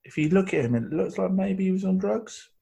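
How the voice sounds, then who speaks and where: A man's voice: high voice, animated, brisk, creaky, dark tone. A man co-hosting a casual talk show, making wry, teasing asides. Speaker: podcast co-host. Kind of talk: casual chat.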